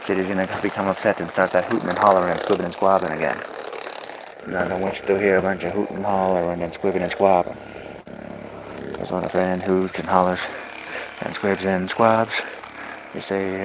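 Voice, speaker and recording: A man's voice: sits low, little pitch movement, brisk. A man livestreaming at home, massaging his dogs and talking to them in playful rhyming singsong, with coaxing commands to the pets. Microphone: phone microphone on a stream. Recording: clear background noise.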